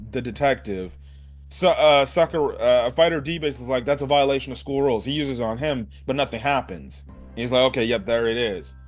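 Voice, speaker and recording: A man casually recapping an anime episode in a loose, rambling way, swearing often and checking in with "right?". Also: mid-range voice. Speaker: anime reviewer.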